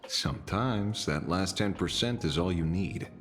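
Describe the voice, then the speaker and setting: Chill low-voiced young dude, game music behind. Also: male voice. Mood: calm. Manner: calm, measured. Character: calm, wry young man. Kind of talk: game voice acting.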